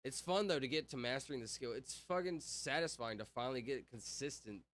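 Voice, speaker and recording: A young man's mid-range voice, slightly fast and a bit bright, carries a casual livestream from his home. The chat rambles, crowded with fillers, and he says "like" and "bro" constantly.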